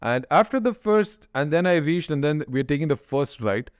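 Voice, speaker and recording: A young man, a podcast guest, telling his story in an animated way and acting out what others said in a raised voice. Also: a little high, moderate pace, smooth, no room sound, clean studio sound.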